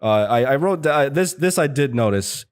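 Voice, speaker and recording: A man's voice: on the high side, animated, moderate pace. A man hosting a casual film podcast, talking in a rambling way with lots of fillers and restarts. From United States. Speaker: podcast host.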